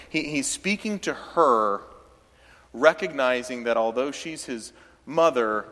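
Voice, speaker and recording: A man's voice: medium pitch, a bit bright. A man from the South, a pastor preaching a sermon in a conversational way that rises into emphatic bursts. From American South. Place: church sanctuary. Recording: church hall with long reverb.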